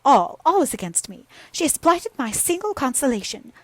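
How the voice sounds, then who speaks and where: A woman voicing a jealous, tearful young woman who sobs and pleads in high, shrill outbursts. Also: big pitch swings, moderate pace, no echo. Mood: tearful, indignant.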